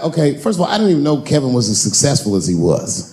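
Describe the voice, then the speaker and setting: A man's voice: mid-range voice, big pitch swings, fast, warm tone, slight background noise. A man in his forties doing a wry, storytelling stand-up comedy routine on stage before a live audience. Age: 40s.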